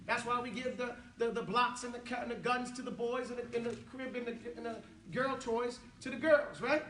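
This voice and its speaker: High-voiced playful man teaching a class. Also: fairly even intonation, brisk, fairly bright tone. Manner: playful, joking, switching between English and Arabic. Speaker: Arabic teacher. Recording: echoey room, voice from a distance.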